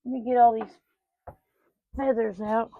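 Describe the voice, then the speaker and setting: A farm vlogger chats casually while doing chores in an outdoor poultry pen on a small farm, scolding her hens in a sing-song voice as if they were children. Her voice is on the high side, fairly even in intonation, and slow. The recording is dull, lo-fi, and free of room sound.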